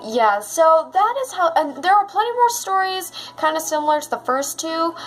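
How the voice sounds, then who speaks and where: High-voiced, chatty woman vlogger. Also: low-quality recording. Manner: chatty, excitable and laughing. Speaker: YouTuber. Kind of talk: casual storytelling vlog.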